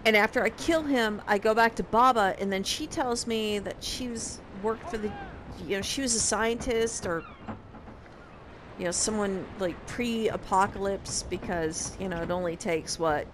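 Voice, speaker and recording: Exasperated young woman ranting slowly. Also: mid-range voice, background noise. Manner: exasperated, sarcastic and profane. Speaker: game reviewer. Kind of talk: casual ranting game recap.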